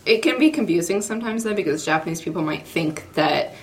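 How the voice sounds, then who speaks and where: Lowish woman explaining words, casual. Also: animated, a little fast, slight background noise. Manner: explanatory, repeats words while thinking. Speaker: podcast co-host. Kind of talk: casual chat.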